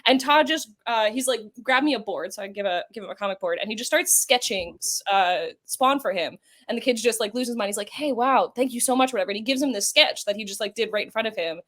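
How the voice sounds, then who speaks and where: Fast-talking woman podcast guest. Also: medium pitch, lively intonation, fairly bright tone. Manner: chatty, rambling storyteller with many fillers. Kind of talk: casual interview chat.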